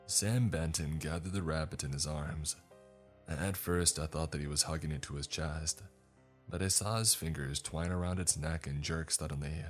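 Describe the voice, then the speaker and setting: A man narrates a first-person horror story in an extremely deep, measured voice. His delivery stays somber and steady, with quiet music playing underneath.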